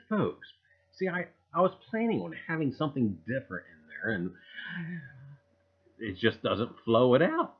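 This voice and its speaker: A man hosting a casual livestream, rambling and greeting viewers by name with loud cheerful bursts. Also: mid-range voice, sing-song, normal speed, husky. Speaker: livestream host. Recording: dull lo-fi stream audio.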